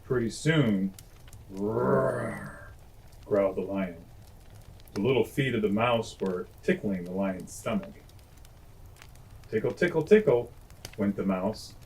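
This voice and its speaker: A man with a fairly low voice reads classic children's tales aloud as a bedtime storyteller. He sounds gentle and homely, slipping in friendly chatty asides between the lines. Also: a little slow, poor audio.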